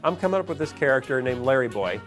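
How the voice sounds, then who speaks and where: A man interviewed about making a show, telling stories in a relaxed way with many "you know" fillers. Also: medium pitch, fast. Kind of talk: behind-the-scenes interview. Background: music.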